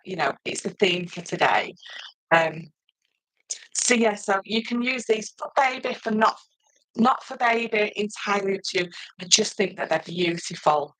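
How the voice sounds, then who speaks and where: A middle-aged woman, chatting loudly and laughing often as she presents paper crafts on a live stream. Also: mid-range voice, no echo, low-quality recording. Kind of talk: casual live stream chat.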